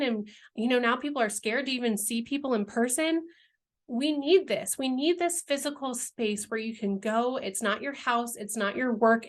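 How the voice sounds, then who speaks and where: Earnest dreamy woman, slightly high voice. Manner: dreamy, earnest, rambling, searching for words. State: near tears at times. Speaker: entrepreneur presenting her brand vision. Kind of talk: emotional, heartfelt vlog pitch.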